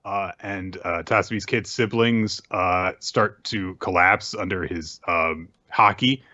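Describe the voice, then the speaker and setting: A man's voice: deep voice, slow, bright, forceful tone, no room sound. A man co-hosting a podcast, recapping a manga chapter casually with many fillers and restarts. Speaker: podcast co-host. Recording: dull dry lo-fi recording.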